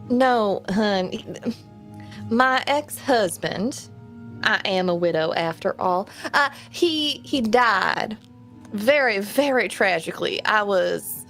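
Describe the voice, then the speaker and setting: A woman's voice: mid-range voice, lively intonation, slow, fairly bright tone, soft background music. A woman playing a tabletop game in character, sassy and playful. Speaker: player. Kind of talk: in-character tabletop role-play.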